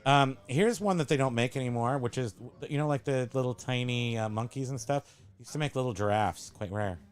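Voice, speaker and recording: A man's voice: medium pitch, a little fast. A man hosting a casual show-and-tell chat at a home tiki bar, rambling and joking as he corrects himself. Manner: rambling, jokey, self-correcting. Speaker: host.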